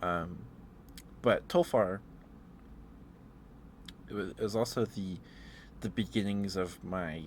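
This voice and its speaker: A man in a soft-spoken ASMR ramble, telling meandering stories with fillers and chuckles. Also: sits low, slow, long pauses, a little hiss or hum. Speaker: ASMR streamer.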